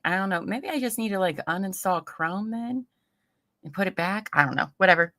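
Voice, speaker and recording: A young woman chats casually on her livestream in a bright, close, dry voice. She is giggly and easygoing as she greets viewers one by one. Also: mid-range voice, expressive, brisk, no echo. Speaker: livestream host.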